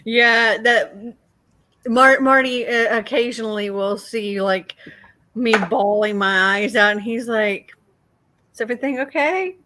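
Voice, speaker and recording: A woman's voice: fairly high pitch, steady tone, slow pace, bright, forceful tone, rough recording. A woman chatting casually on a video call, friendly and giggly. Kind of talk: casual chat.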